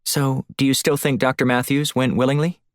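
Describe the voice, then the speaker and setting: A man voicing a brisk female handler. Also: mid-range voice, level tone, dry recording, clean studio sound, pitched above the performer's own voice, close to an everyday voice. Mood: questioning. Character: female mission handler, calm and businesslike.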